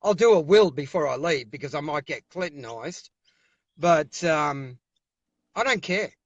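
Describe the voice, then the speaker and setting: A man's voice: a little high, lively intonation, measured pace, dry recording, muffled recording. An Australian man speaking over a video call as an interview guest, giving fiery, emphatic political talk and repeating himself when worked up.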